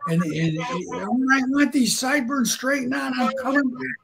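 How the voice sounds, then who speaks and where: A man's voice: a little high, level tone, slow, slightly rough, full character voice. A man voicing an enraged older mobster who hollers crude threats down a phone line. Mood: furious. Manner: shouting, profane threats.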